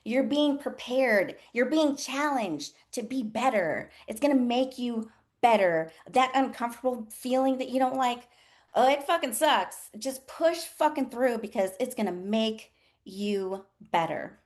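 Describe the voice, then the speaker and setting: Her voice is a little high and a little slow. As a nurse coach hosting a casual livestream, she speaks frankly and profanely, laughs often, and animatedly voices other people in quotes.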